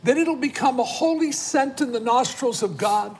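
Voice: high voice, normal speed, darkish tone, slightly rough. A guest minister leading a fervent, repetitive prayer for viewers on a religious television program.

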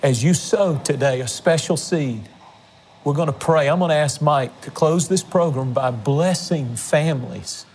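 A man's voice: a little high, measured pace, a little mellow, a little hiss or hum. Earnest preacher man making a TV appeal. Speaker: television ministry host. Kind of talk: fundraising appeal on religious TV. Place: on location.

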